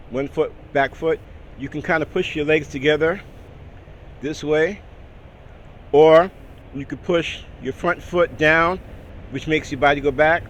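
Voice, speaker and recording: A man with a fairly high speaking voice coaches singing posture in an easygoing, step-by-step way, checking in with "all right?" as he goes. He is recorded outdoors, and steady traffic noise carries clearly behind him. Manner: relaxed, talks through steps with "all right?" and "okay". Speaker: singing teacher. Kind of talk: casual vocal lesson with exercises.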